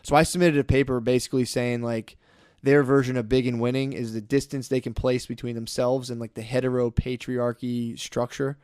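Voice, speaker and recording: A young man on a podcast, rambling through profane, animated stories at an ordinary pitch. The sound is dry and close, with no room around his voice. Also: fairly quick, smooth, dry recording. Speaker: podcast co-host. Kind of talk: casual podcast chat.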